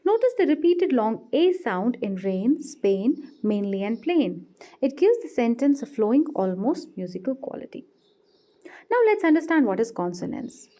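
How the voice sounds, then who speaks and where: A woman teaching literary terms in a scripted lesson, explaining clearly and reading example lines slowly and deliberately. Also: a little high, dark tone.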